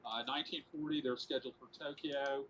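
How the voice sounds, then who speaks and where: A man with a mid-range voice lays out dates and facts in a steady, matter-of-fact way on a podcast. He fills in with the odd "uh" over a faint background hiss. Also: mid-range voice, a little fast, low-quality recording. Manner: factual, steady, with fillers. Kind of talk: casual informative chat.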